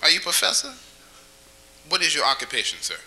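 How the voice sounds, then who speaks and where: A man doing stand-up comedy on a club stage, teasing the audience with quick, jokey questions. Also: fairly high pitch, huge pitch swings, background noise. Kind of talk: stand-up crowd work.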